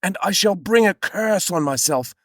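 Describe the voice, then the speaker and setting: A man voicing a nervous young man who pleads slowly and earnestly with his mother. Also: high-pitched, lively intonation, no room sound, studio quality, pitched above the performer's own voice. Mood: worried.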